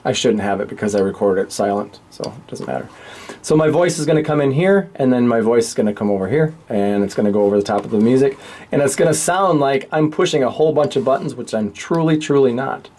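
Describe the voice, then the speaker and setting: A man's voice: medium pitch, fast talker. Laid-back man walking through a radio lesson. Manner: relaxed, offhand, thinks aloud with restarts. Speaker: radio teacher. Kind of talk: casual screen-share tutorial.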